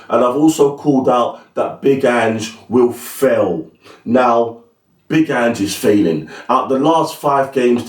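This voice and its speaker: A man hosting a football talk channel, blunt and opinionated, with plenty of slang. His voice sits mid-pitch and sounds roomy, picked up from a little way off the mic. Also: a little mellow, distant mic. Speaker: football pundit, channel host. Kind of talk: casual solo commentary.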